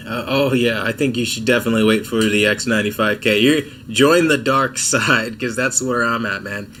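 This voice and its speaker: A man's voice: medium pitch, moderate pace, hardly any pauses, sharp tone, slight background noise. A sick man hosting a casual TV tech livestream at home, chatting with viewers in a laid-back, self-mocking way. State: sick, coughing and clearing throat.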